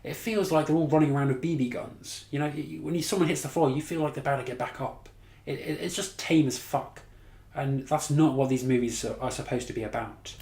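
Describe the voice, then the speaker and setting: A man's voice: mid-range voice, fairly quick, a little mellow. Sweary exasperated man ranting in echoey room. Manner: blunt, sweary, exasperated, laughs at his own mockery. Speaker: movie reviewer. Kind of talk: casual ranting movie review.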